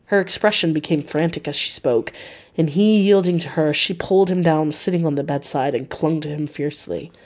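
A woman reading a classic novel aloud in a measured, expressive way. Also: on the low side. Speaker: audiobook narrator. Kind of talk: dramatic audiobook narration.

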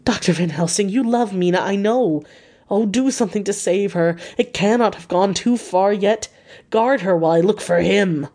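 A woman's voice: mid-range voice, normal speed, a little mellow, close to an everyday voice. A woman reader voicing a panicked young husband who cries out in pleading, breathless bursts. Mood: urgent.

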